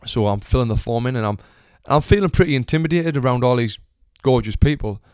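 A young man from England with a Sunderland accent, a retired boxer, tells a casual story, swearing freely and acting out the people in it. His medium-pitched voice is expressive, brisk, darkish, clear and resonant. The studio-quality recording has no room sound.

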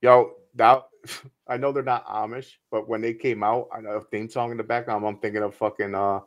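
A man's voice: fairly low pitch, normal speed. A man chatting casually and swearing a lot as he comments on a film he is watching with friends. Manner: profane, animated commentary on a film. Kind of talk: casual reaction chat.

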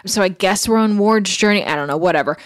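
A woman's voice: mid-range voice, fast, no echo. Wry woman podcast co-host, dry sound. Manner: wry, sarcastic, acts out characters' lines. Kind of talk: casual chat recapping a TV episode.

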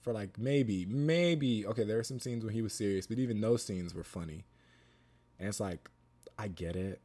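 Lower-voiced man rambling through a review. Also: normal speed, mellow. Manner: rambling, lots of fillers and restarts; emphatic, repeats himself for stress. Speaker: movie reviewer. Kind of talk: casual spoken film review.

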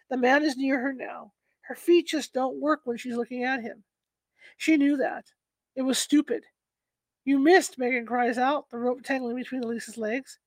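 Female narrator, high-pitched, dry close-miked read-aloud storytelling. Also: no room sound, poor audio.

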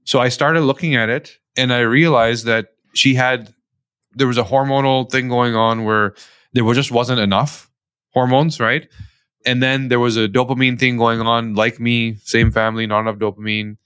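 A man's voice: mid-range voice, moderate pace, clear, resonant tone, no echo. Man telling a story, dry mic. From Canada. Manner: animated, tells stories with quoted dialogue. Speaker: guest, company founder. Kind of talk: conversational storytelling.

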